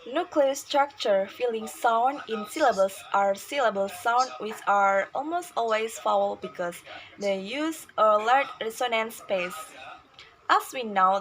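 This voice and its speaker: A woman's voice: a little high, fairly bright tone, poor audio. Woman student reading definitions aloud. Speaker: student presenter. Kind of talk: reading a class presentation.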